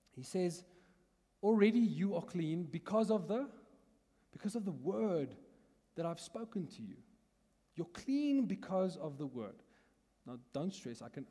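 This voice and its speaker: South African pastor preaching in a reverberant hall. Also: male voice, high-pitched, dark tone. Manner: conversational teaching, asks the congregation questions, laughs often. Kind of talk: sermon. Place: large church hall.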